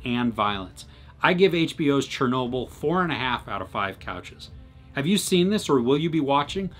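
A man's voice: medium pitch, fairly bright tone. A man hosting his own review channel, talking through a series in a conversational, earnest way with frequent restarts. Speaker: movie reviewer and channel host. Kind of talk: casual solo video review.

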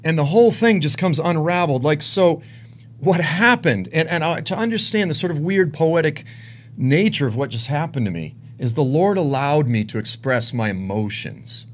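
A man preaching, telling a personal story with emotion, dropping to hushed tones and rising to intense ones. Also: on the high side, lively intonation, moderate pace. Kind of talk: sermon testimony.

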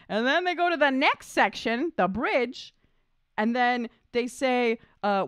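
A woman's voice: on the high side, expressive, moderate pace, smooth, dry recording, studio quality. A woman who is an opera singer and vocal coach, gushing in a live reaction chat, leaning on "like" and "I mean.". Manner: gushing, effusive, heavy use of "like" and "I mean".

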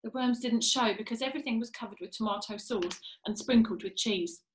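A woman reading a children's book aloud, with an expressive, lively manner. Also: a little high, fairly quick, a little hiss or hum. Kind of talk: storybook read-aloud. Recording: roomy echo.

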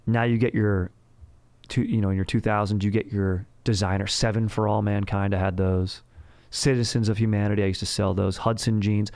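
A low-voiced man with a gravelly, fry-laden edge rambles through a comedic podcast monologue. He talks like a boastful bro salesman, dropping "dude" and "bro" at the end of nearly every line. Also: a little mellow. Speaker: podcast host.

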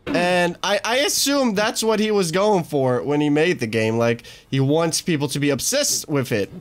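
A man hosting a let's play, commenting on his game and getting frustrated, swearing, talking himself down and shouting at the game. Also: a little high, animated, moderate pace. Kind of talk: gaming commentary.

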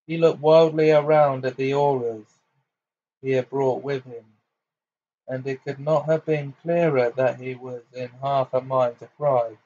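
Male audiobook reader, plain steady narration, mid-pitched, slightly muffled home recording. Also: a little slow. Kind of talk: reading a novel aloud.

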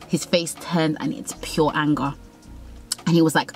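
A woman's voice: fairly low pitch, moderate pace, faint music behind, rough recording. A young woman, candidly telling a personal dating story, quoting others and swearing freely. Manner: candid, swearing, acts out quotes. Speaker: vlogger. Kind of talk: casual storytelling.

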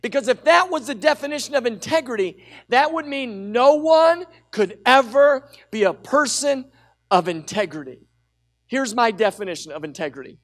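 In a church sanctuary with a congregation present, a middle-aged male pastor preaches a sermon. With a very high voice at a moderate pace, he tells a personal story energetically and urges the congregation to call out.

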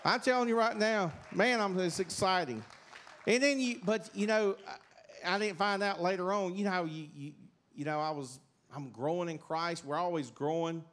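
A man's voice: high-pitched, moderate pace, fairly bright tone, slight background noise. A middle-aged man with a Southern accent, giving a rambling, folksy testimony in church. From South Carolina, USA. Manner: rambling, folksy, many fillers and restarts. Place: church sanctuary.

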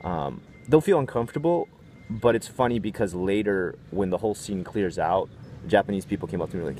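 A man's voice: deep voice, fairly quick, slight background noise. A man vlogger telling a story in a casual, profane, rambling way. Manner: profane, rambling, animated retelling.

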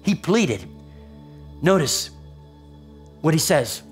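A man preaching a sermon in a church, emphatic, swinging between raised exclaims and low murmurs. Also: sing-song, slow, faint music behind. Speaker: pastor. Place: church sanctuary.

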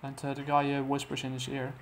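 Man, flat delivery, halting comic recap with lots of "uh"s, faint background hiss. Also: mid-range voice. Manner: halting, full of "uh" fillers and restarts. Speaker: comic book reviewer. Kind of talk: casual plot recap.

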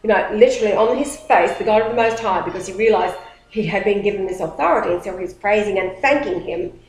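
A woman's voice: mid-range voice, quick pace. A woman with a mid-range voice tells a story in a loose, conversational way. She rambles with animation and often restarts sentences. The recording has a roomy echo. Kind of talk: casual storytelling talk.

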